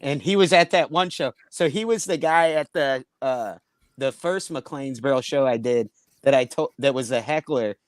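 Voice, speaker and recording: A man's voice: mid-range voice, normal speed, dry recording. Brief: male comic spinning a crude road story, dry close mic, acts out the voices. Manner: rambling, profane, acts out quoted voices. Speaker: comedian telling a story. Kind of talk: casual storytelling chat.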